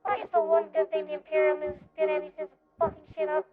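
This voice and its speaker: Woman doing a squeaky creepy doll voice on a tinny line. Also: monotone, fast, faint music behind, lightly acted. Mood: teasing. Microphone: online call. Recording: tinny phone-like line with noise.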